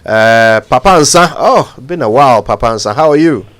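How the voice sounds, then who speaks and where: A man's voice: mid-range voice, expressive, a little fast, a crowd in the background. A man hosting a radio call-in show, greeting callers with short friendly replies. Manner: friendly, brief acknowledgements.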